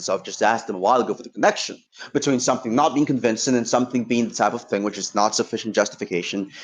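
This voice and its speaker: In an online voice-chat debate, a man argues at a rapid clip in an ordinary middle-pitched voice. Combative and profane, he trash-talks and mocks his opponent while still laying out his points one at a time.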